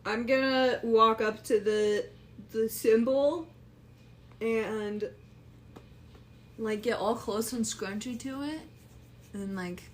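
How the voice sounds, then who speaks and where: A woman player in a tabletop game, playful and quick to giggle. She talks slowly and unhurriedly, her voice sitting fairly high. She describes her moves in a relaxed, joking way. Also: slight background noise. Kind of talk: casual tabletop play.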